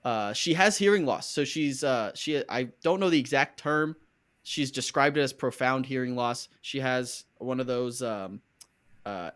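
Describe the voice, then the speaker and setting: A man's voice: mid-range voice, a bit bright, clear, resonant tone. A man hosting a podcast in casual chat, joking and rambling with fillers. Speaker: podcast host.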